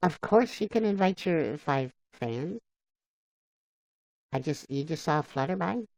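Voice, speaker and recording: A man's voice: on the high side, animated, unhurried, creaky, a little mellow, no echo, rough recording. A man on a live stream, chatting casually, laughing often and reading viewers' comments aloud. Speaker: livestreamer.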